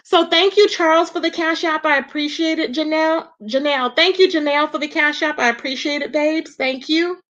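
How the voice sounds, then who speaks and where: A woman hosting a livestream, chatting casually with viewers, gossipy and animated, thanking them by name and laughing often. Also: sits high, brisk, few pauses, highs cut off. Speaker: livestream host.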